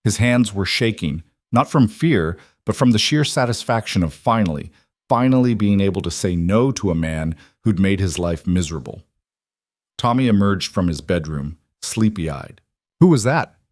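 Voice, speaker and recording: A man narrating a scripted story in a steady storytelling manner. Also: low voice, normal speed, dry recording, studio quality.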